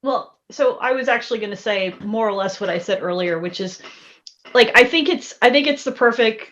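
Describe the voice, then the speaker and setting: A woman's voice: a little high, normal speed, a bit bright. Rambling woman on a dull, lo-fi line. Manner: rambling, many fillers. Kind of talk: casual album discussion.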